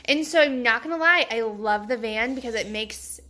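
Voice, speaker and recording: A young woman chatting casually to camera in a personal vlog, excitable and quick to laugh, with lots of fillers. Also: fairly high pitch, noisy background. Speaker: vlogger.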